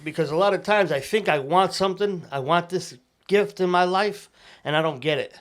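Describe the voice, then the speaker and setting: A man's voice: sits high, normal speed. A man co-hosting a casual podcast, musing on gratitude in a rambling, reflective way with frequent restarts. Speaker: podcast co-host in recovery. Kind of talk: casual chat.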